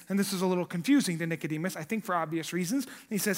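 A man's voice: high-pitched, fast, few pauses. A man preaching a conversational sermon to his congregation, informal and emphatic, with frequent restarts and questions to the room. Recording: long reverb of a large hall.

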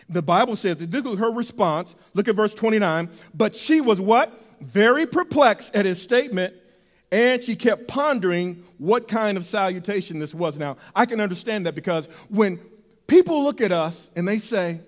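A man preaching a sermon in an animated way, swinging from loud to soft, in a church sanctuary. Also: high-pitched, normal speed, big-room sound.

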